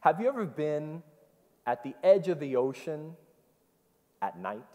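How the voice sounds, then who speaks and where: A man's voice: fairly high pitch, very animated, a little slow, dark tone. A man preaching an interactive sermon, repeating the congregation's answers and telling the story with animation. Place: church sanctuary. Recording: long church hall reverb.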